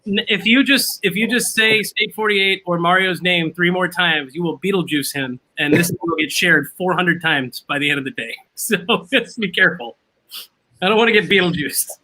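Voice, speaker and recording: Bright, teasing male podcast host. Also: sits high, normal speed. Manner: playful, teasing banter. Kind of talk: casual chat over drinks. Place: outdoors, then moving inside.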